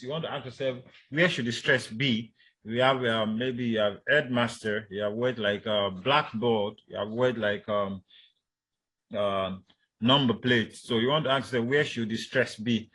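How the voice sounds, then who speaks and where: A man's voice: medium pitch, a bit bright. A man teaching English stress patterns in a recorded lecture, hesitant with many fillers and restarts, repeating example words for drill. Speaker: instructor.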